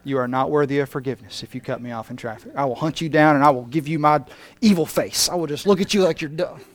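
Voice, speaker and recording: A man voicing a soft, sorrowful Jesus. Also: fast, no room sound, close to an everyday voice. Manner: soft, low, earnest. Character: gentle, sorrowful Jesus speaking to believers.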